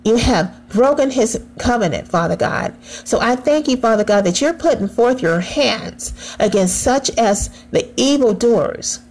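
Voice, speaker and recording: A woman's voice: on the high side, expressive, measured pace, a little mellow, poor audio. Woman praying aloud, fervent and repetitive. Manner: repetitive, pleading, keeps addressing God. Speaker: prayer leader. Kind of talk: spoken prayer.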